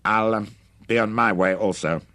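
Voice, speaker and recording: A man's voice: fairly low pitch, moderate pace, bright, forceful tone, pitched above the performer's own voice. A man voicing a polite, hesitant officer.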